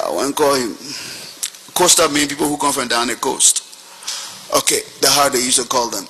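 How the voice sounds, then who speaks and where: A man's voice: medium pitch, moderate pace, long pauses, sharp tone, husky, rough recording. An older man with a Liberian English accent telling a story as a witness at a hearing, animating the people he quotes. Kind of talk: storytelling testimony.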